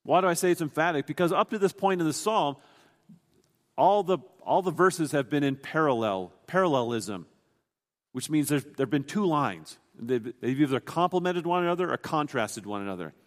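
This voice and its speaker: A man's voice: a little high, animated, normal speed, long reverb tail. A man preaching a sermon, explaining a scripture passage in an earnest, teaching way, often restarting his sentences.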